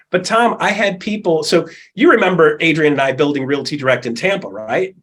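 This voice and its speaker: A man with a high, husky voice coaches real estate agents with a lot of energy. He is middle-aged and keeps acting out clients and calls as he goes. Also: moderate pace. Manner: animated, acts out quoted people and calls. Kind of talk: energetic coaching talk in an interview.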